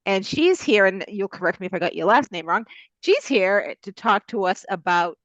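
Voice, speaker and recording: A woman from Boston hosts a casual podcast interview in an upbeat, conversational manner, with plenty of "um"s along the way. Her voice sits at a middle pitch. The recording is close and dry, with a slightly muffled, lo-fi sound. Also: animated, moderate pace, fairly bright tone, no echo. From Boston, USA. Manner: upbeat, conversational with frequent fillers. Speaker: podcast host.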